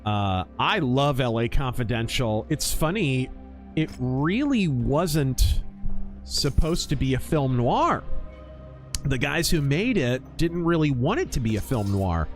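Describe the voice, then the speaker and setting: A man streaming a mech game and chatting casually, an animated storyteller who acts out quotes. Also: medium pitch, slow pace, faint music behind. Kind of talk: casual live-stream chat.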